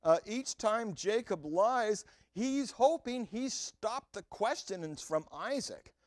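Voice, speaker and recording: Speaking directly to his congregation, a pastor preaches with animation in a high voice, his pitch swinging widely. He talks slowly, lingering over each phrase, and the dry recording carries no echo.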